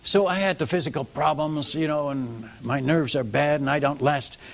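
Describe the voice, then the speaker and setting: An older man, a missionary preacher, telling stories from the pulpit in a folksy, animated sermon style, calling the audience folks and friends. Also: on the high side, moderate pace, creaky. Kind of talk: storytelling sermon.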